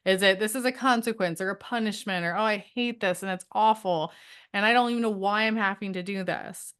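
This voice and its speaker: Speaking a little fast in a smooth, slightly bright mid-range voice, a middle-aged woman coaches homeschool parents online from home while a dog is nearby. Her style is conversational, with frequent "right?" check-ins and acted-out voices of parents and teenagers.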